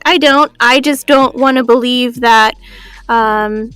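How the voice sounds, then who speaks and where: A woman's voice: high voice, steady tone, unhurried, a bit bright, clean tone. A woman co-hosting a podcast in casual banter, blunt and sarcastic, laughing often. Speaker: podcast co-host.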